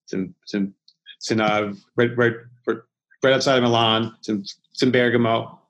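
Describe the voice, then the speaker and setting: A man's voice: medium pitch, steady tone, moderate pace, a bit bright, rough recording. A middle-aged man telling a story in a casual interview, restarting often and swearing freely. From Philadelphia, United States. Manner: rambling, many restarts, swears freely, acts out quotes. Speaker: chef and interview guest.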